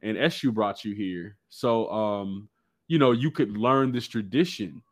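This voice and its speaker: A man telling a personal story in casual chat, animated and slangy. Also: fairly low pitch, a little slow. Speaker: guest.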